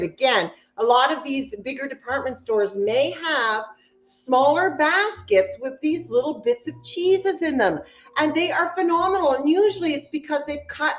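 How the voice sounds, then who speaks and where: A woman with a high voice talks slowly and warmly to her live-stream viewers from her kitchen, bubbly and quick to laugh. The sound is dull and lo-fi, and it rings around an echoey kitchen. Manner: bubbly, chatty, breaks into laughter. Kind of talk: casual live-stream chat. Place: home kitchen.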